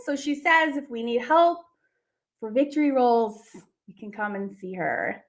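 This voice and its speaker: Bubbly high-voiced woman art teacher. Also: a little slow. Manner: bubbly, gushing, chatty with many fillers. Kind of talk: casual livestream lesson.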